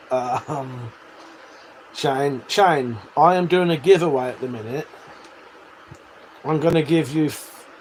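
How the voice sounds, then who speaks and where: Bloke on a livestream, sweary and matey, laughing a lot, voice a bit high, faint hum behind. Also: male voice, darkish tone, rough recording. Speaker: livestream host. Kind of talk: casual livestream chat, reading viewer messages.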